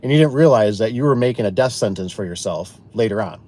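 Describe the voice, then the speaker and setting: A man's voice: fairly low pitch, animated, quick pace, warm tone. Folksy man telling shop stories. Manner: rambling, folksy, acts out both sides of conversations. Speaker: garage door installer and business owner. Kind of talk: casual storytelling to viewers.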